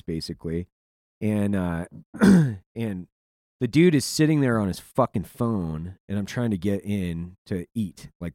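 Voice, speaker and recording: A man telling a profane, animated war-zone story in a casual chat, breaking into laughter. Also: low-pitched, no room sound, clean studio sound.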